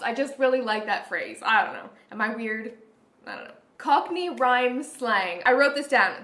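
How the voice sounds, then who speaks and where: A woman's voice: fairly high pitch, fairly bright tone. A woman vlogging in a chatty, gushing way, full of "like". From Canada. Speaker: beauty vlogger. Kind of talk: casual vlog chat. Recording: roomy echoey room.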